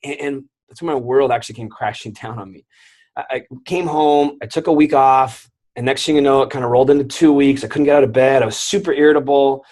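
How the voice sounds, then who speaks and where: A man in his thirties, a guest on an interview show, telling his own story with animated quoted voices. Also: mid-range voice, quick pace.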